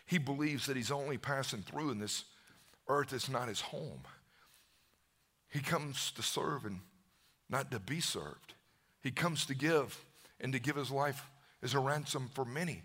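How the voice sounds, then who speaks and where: A man's voice: mid-range voice, a little slow, pauses often, a bit bright, slightly rough. A man preaching a sermon in a fervent way, often stumbling into repeated restarts as he builds up.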